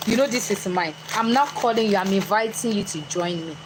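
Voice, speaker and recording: A woman's voice: medium pitch, fairly quick, hardly any pauses, noisy background. A woman giving a chatty motivational talk, questioning her live audience directly. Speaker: motivational speaker.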